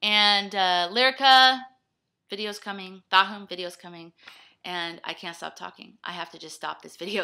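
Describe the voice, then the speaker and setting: Young woman, vlogger, bright voice, scattered, self-deprecating, talks in bursts. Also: mid-range voice, steady tone, normal speed. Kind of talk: rambling personal video blog.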